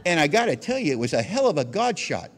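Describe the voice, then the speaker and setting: A man's voice: fairly high pitch, big pitch swings, fast, background noise. A man speaking at a recovery meeting, telling his own story conversationally with frequent asides. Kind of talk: personal testimony talk.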